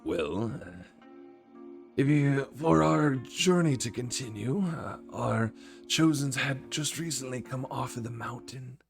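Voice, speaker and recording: A man voicing an old bearded storyteller who tells children a tale in a slow, measured way. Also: mid-range voice.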